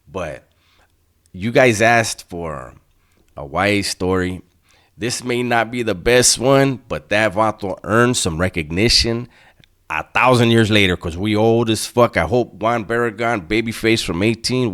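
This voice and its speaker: Deep-voiced streetwise man telling stories. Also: a bit bright. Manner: streetwise slang, profane, laid-back. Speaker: channel host telling prison stories. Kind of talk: casual storytelling to viewers.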